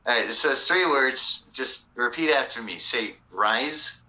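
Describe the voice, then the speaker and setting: Bright, lively man telling corny jokes. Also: mid-range voice, a little slow, rough recording. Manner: jokey, tells corny jokes, laughs easily. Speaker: guest. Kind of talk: casual livestream chat.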